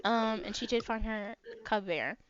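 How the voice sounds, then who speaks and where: A woman's voice: a little high, measured pace, clean tone, no room sound. A young woman narrating as game master of a tabletop game, rambling with lots of fillers. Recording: dry, dull lo-fi mic.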